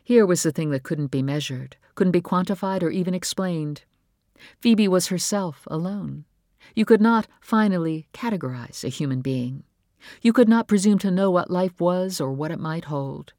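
A measured, expressive audiobook narrator reading literary fiction. The voice sits at a middle pitch and is recorded dry and close, with no room echo. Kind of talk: scripted narration.

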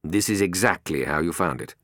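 A man's voice: low voice, lively intonation, a little fast, a bit bright, no echo, studio quality. A man voicing a menacing, cutting villain. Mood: cold. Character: menacing commanding villain, quick-tempered man.

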